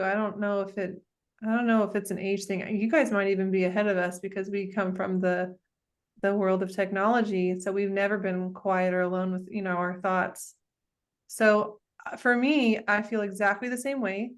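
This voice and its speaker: A woman who works as a life coach, hosting a group and encouraging members in a warm, faith-centered way. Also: mid-range voice, steady tone, normal speed. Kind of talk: supportive group coaching talk.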